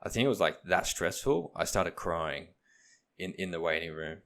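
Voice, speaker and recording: A man's voice: low-pitched, expressive, moderate pace, a bit bright. A young man, co-hosting a casual podcast and retelling stories with acted-out quotes. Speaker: podcast co-host. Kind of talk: casual chat, storytelling.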